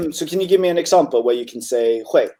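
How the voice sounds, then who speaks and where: Mellow-voiced man tutoring, encouraging. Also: a little high, lively intonation, fast talker. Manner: encouraging, frequent fillers and throat clearing. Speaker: Chinese tutor. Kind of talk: online tutoring session.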